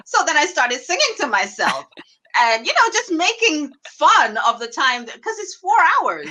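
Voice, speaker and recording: A woman guest chatting casually on an online show, her voice fairly high and bright with a forceful edge. She talks with enthusiasm and breaks into laughter often. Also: big pitch swings, normal speed, low-quality recording. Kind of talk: casual chat.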